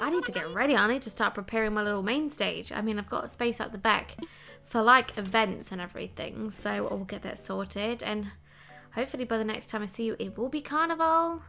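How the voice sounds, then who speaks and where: A woman chatting playfully while she plays a game and thinks out loud, with game music behind. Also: mid-range voice, a little fast, creaky. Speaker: let's play host. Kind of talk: casual gameplay commentary.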